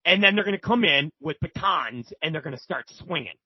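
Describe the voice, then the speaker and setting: A seasoned male inmate, as a man retells him lays out the facts calmly, an old hand. The sound is dull and dry. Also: on the high side, fairly quick, breathy edge, dry recording. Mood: explaining. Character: seasoned male prison inmate, matter-of-fact.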